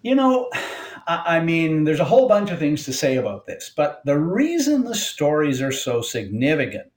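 A man's voice: on the high side, moderate pace. A man who is a regular political columnist guest on a radio show, telling stories with wry asides. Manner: animated storyteller, wry asides. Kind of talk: radio commentary.

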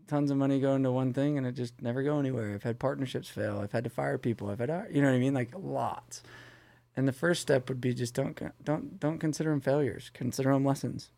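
An entrepreneur guest on an interview, a man who tells blunt, animated stories and breaks into laughter often. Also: mid-range voice, creaky. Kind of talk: casual interview storytelling.

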